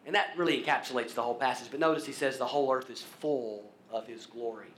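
A man preaching a sermon, who builds emphasis through repeated phrases that climb in pitch and volume. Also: sharp tone. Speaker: pastor. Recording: echoey room.

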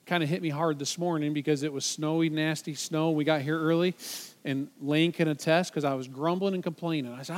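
A male pastor delivers a sermon in an unusually high voice, getting emphatic and climbing higher whenever he quotes a verse. His words ring out with a long reverb, as in a church sanctuary. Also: fast talker.

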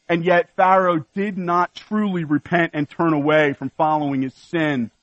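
A man's voice: on the high side, fairly bright tone, no echo, dull audio. A man preaching a sermon, earnestly listing scripture references and exhorting his congregation. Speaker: pastor.

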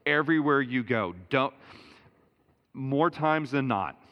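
A man preaching a sermon as pastor, emphatic and building to near-shouts as he drives his points home. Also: mid-range voice, takes it slowly, long reverb tail, lo-fi sound.

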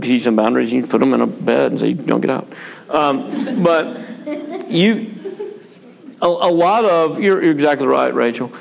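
Gravelly-voiced pastor, frank and rambling. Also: male voice, a little high. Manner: rambling, frank, self-deprecating, many fillers and restarts. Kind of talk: casual pastoral chat on parenting.

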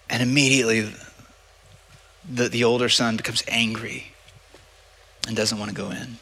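A man's voice: medium pitch, normal speed, pauses often, pushed and bright. A male pastor preaching a sermon in a conversational way, often stumbling and repeating words. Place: church sanctuary. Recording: long reverb of a church hall.

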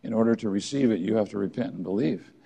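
A man preaching a sermon in church, earnest, with emphatic rises and quiet drops. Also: fairly low pitch, fast, vocal fry, slightly rough. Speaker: pastor.

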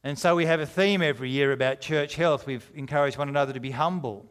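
A man's voice: fairly high pitch, fast talker, smooth. A middle-aged man preaching a sermon, conversational and jokey but driving home his points with emphasis. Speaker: pastor.

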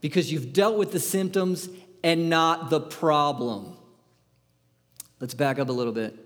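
A man preaching a sermon, firing rhetorical questions at the congregation in an animated, emphatic way. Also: mid-range voice, long reverb tail. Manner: asks the audience many questions, animated and emphatic. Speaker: pastor.

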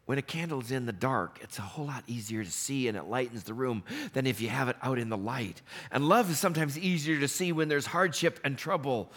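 A man's voice: medium pitch, fairly quick, hardly any pauses, fairly bright tone. A man, a pastor, preaching a sermon in a church and telling stories with humor, often laughing. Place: church sanctuary.

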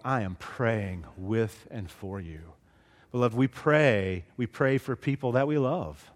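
A middle-aged Southern pastor delivers an earnest sermon, his pitch rising and falling in lively arcs. He leans into big emphatic lines and then drops to near-whispered asides. A long hall reverb trails every phrase. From Southeast Alabama, US. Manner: earnest, expressive preaching, swings between loud and hushed.

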